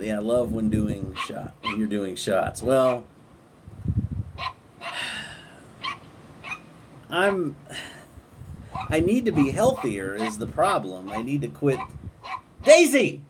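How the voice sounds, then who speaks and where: A middle-aged man hosting a casual live stream at night, talking to viewers in a relaxed, rambling way and often restarting his sentences. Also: mid-range voice. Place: outdoors at night, windy, on a porch. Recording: wind noise on the mic outdoors.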